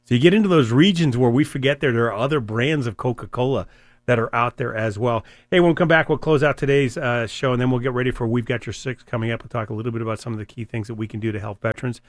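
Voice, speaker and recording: A man's voice: medium pitch, fast talker, dry recording. A man hosting a talk radio show, chatty and joking, with many fillers and restarts. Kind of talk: casual talk radio chat.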